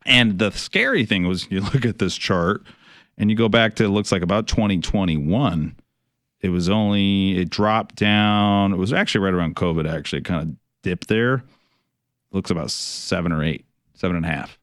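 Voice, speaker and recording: A man's voice: deep voice, moderate pace, a bit bright, no echo, studio quality. A middle-aged man, a financial advisor hosting a radio show, talking casually with many fillers, restarts and some wry sarcasm.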